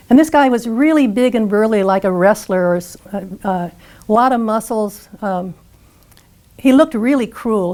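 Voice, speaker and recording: A woman's voice: mid-range voice, warm tone. A woman speaker retelling a personal story to an audience, vivid and dramatic. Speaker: featured speaker.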